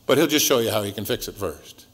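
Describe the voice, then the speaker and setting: A male pastor teaching through a Bible passage verse by verse in a relaxed, joking, conversational way, his voice swinging up and down. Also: quick pace, husky. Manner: conversational and joking, with wide swings in pitch and loudness.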